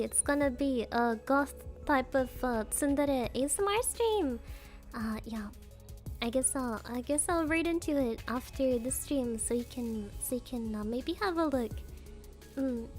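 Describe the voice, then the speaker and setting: A woman streamer chatting casually with her viewers, shy and giggly, with soft laughs and hums as she reads comments aloud. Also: high voice.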